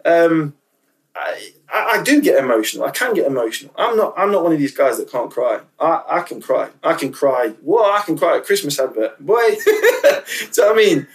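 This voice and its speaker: A man's voice: a little high, sing-song, a little fast, far from the mic, poor audio. Candid, emotional man, a little off-mic. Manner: candid, emotional, many restarts and repeated words. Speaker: podcast guest. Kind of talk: casual interview chat.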